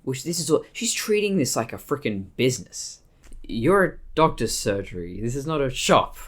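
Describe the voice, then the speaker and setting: An Australian woman telling a personal story on her vlog in a blunt, profane, animated way. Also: rumbling low, normal speed, slightly rough. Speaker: vlogger.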